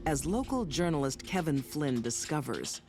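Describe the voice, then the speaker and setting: A woman narrating a true-crime documentary in a measured, ominous way. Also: low voice, big pitch swings. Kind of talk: scripted dramatic narration. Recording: loud music bed under the voice.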